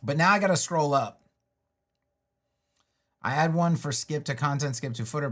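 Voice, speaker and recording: A man's voice: on the high side, moderate pace, pauses often, a bit bright. A man hosting a live web design stream, thinking aloud as he works, loose and talkative with frequent restarts and little jokes to himself. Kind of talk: thinking aloud while building a website live.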